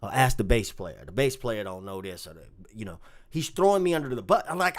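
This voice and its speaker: A man telling a story from his gigs in a casual vlog, swinging from low muttering to loud outbursts. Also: brisk. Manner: animated, swings from muttering to shouting. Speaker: bass player telling a story.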